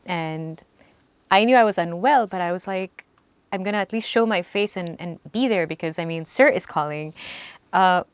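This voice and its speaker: A young woman singer recalling a story in earnest, halting speech with frequent restarts. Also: on the low side, smooth, dry recording. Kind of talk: storytelling interview recollection.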